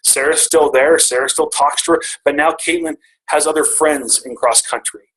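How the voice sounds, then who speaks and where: Middle-aged man, bright tense tone, emotional storyteller who stumbles and restarts. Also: on the high side, steady tone, normal speed, poor audio. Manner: earnest and emotional, with many restarts. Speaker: speaker on a team call. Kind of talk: personal storytelling.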